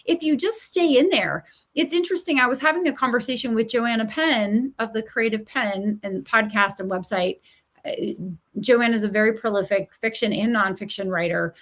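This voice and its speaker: A woman's voice: on the high side, normal speed. A middle-aged woman, an author and writing coach, speaking as a guest in a podcast interview. She tells stories with animation, acts out the voices she quotes, and speaks with emphatic encouragement. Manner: animated storyteller who acts out quoted voices and laughs often.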